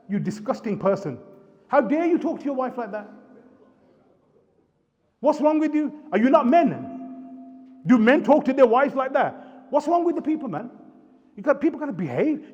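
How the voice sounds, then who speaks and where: In a reverberant community centre hall, a panel speaker with a Birmingham accent and a high-pitched voice gives an impassioned live talk. He's blunt and scolding, using street slang, and the roomy recording sounds dull.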